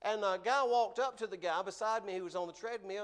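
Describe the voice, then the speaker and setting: Male preacher, high voice, earnest and emphatic sermon delivery. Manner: earnest, emphatic, slows for stress.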